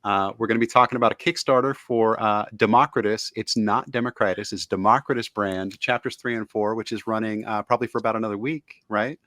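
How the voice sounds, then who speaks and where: A man's voice: on the low side, fairly even intonation, fast, few pauses, fairly bright tone, no room sound. A man hosting an interview in a casual, teasing way, laughing often as he chats with his guest. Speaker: interview host.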